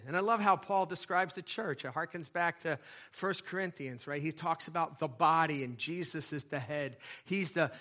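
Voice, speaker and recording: A man's voice: fairly high pitch, pushed and bright. A man preaching a sermon as lead pastor of a church, emphatic, repeating key lines and asking rhetorical questions.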